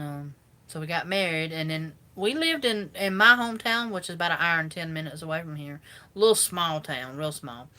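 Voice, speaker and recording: A woman's voice: deep voice, pushed and bright. Chatty Southern woman on a phone. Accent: Southern US, South Carolina. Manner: chatty, rambling, easygoing. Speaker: vlogger. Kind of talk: casual live chat with viewers.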